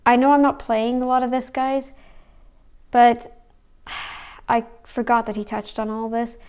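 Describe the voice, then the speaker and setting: A woman's voice: fairly high pitch, steady tone, unhurried, darkish tone, smooth. A woman giving rambling, sarcastic reaction commentary who talks back to the video she is watching.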